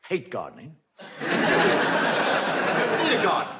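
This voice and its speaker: A man's voice: mid-range voice, huge pitch swings, slow, very noisy, voice pushed down, exaggerated voice. A man playing a bored, petulant God who mutters grumpily to himself in a stand-up routine. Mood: muttering.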